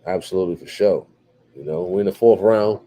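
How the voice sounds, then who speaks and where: A man's voice: low voice, brisk, warm tone. Tired, laid-back man reading chat. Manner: laid-back, repeats himself, many fillers like "what have you". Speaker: fight commentator reading live chat. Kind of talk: casual livestream commentary.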